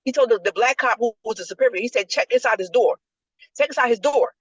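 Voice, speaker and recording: Woman talking super fast on a podcast, acts out the quotes, muffled dry audio. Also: a little high, slightly rough, dry recording. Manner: animated storyteller acting out quotes. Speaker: podcast co-host. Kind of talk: casual group chat, retelling a story. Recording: dull lo-fi dry recording.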